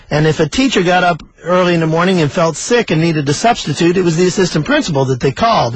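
An older man, a storyteller and author, telling a story in a folksy, animated way and acting out the dialogue. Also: high-pitched, husky, dry recording, poor audio. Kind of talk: oral storytelling.

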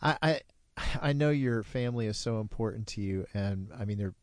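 A man's voice: fairly low pitch, fairly quick, dry recording. A man co-hosting a radio talk show, asking hesitant, stumbling questions. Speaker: radio co-host. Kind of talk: radio conversation.

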